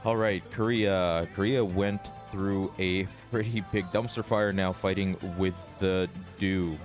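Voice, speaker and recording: A man with a raspy voice, chatting casually as a trading streamer, relaxed and swearing now and then. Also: sits low, a little slow, soft background music. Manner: relaxed, swears, laughs often. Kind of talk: casual live-stream chat.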